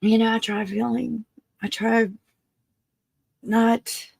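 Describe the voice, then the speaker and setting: A woman giving an emotional personal account of a family loss, halting and restarting, earnest and raw, with casual swearing. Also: on the high side, level tone, vocal fry, darkish tone, slight background noise. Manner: halting, full of restarts and self-corrections. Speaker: grieving relative.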